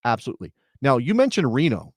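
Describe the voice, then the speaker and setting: A middle-aged man co-hosting a soccer talk show, chatting casually and thinking out loud with rhetorical questions. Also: medium pitch, huge pitch swings, fast talker, breathy edge, dry recording, clean studio sound. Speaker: soccer podcast co-host. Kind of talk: casual chat.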